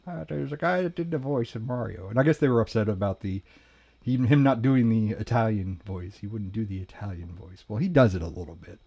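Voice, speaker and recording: A man's voice: fairly low pitch, a little fast, vocal fry, a little mellow, slightly rough. A man hosting a podcast, chatting casually, rambling and correcting himself, laughing often. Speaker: podcast host. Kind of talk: casual chat.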